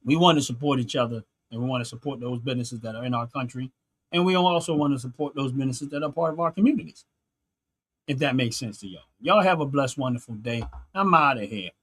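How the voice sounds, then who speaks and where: A man's voice: mid-range voice, fast, a bit bright, husky. A man hosting his own channel, delivering a solo opinion monologue in an earnest, preachy, repetitive way. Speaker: channel host.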